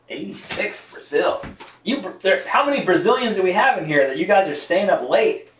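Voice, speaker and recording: A man's voice: high voice, very animated, fairly quick, a bit bright, a little hiss or hum. Chatty laughing man in an echoey room. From United States. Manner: chatty, laughs often, reads out viewer comments. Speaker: mountain bike vlogger washing his bike on a live stream. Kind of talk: casual live-stream chat.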